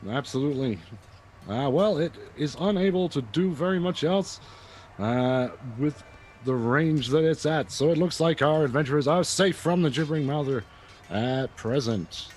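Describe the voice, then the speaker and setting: A man in the commentary booth calls a tabletop arena fight with mock-formal flourish. His voice sits a little high, and a faint hiss runs under it. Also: moderate pace, a little mellow.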